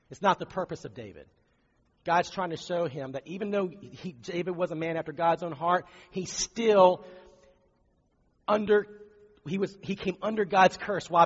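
Male preacher, slightly high and husky, animated conversational delivery, muffled hall recording. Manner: conversational, animated, asks rhetorical questions. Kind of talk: sermon. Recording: dull recording in a reverberant hall.

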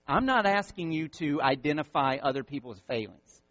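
Pastor, male, passionate sermon, bit high voice, dry muffled recording. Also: animated, moderate pace, hardly any pauses, no room sound. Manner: impassioned, repeats words, builds to loud peaks then drops soft.

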